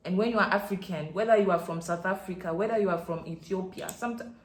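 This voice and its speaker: A woman with a Nigerian accent giving an excitable, chatty faith talk as a podcast host, addressing her listeners directly. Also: on the low side, quick pace, echoey room.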